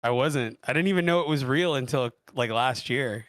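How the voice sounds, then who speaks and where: A man hosting a live stream, chatting casually, laughing often and jumping between loud outbursts and quiet asides. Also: mid-range voice, moderate pace, dry recording, clean studio sound. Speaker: stream host.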